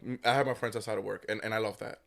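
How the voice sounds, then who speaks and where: A man's voice: fairly low pitch, fairly even intonation, fairly bright tone. A man who is a police officer, a guest on a casual podcast, talking bluntly about his work. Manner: fast, blunt, gravelly.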